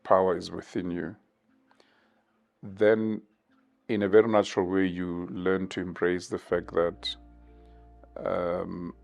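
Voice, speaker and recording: Interview guest, man in his fifties, deep gravelly voice, slow and reflective, faint music behind. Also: little pitch movement, darkish tone. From South Africa. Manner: measured, thoughtful, with many pauses and fillers.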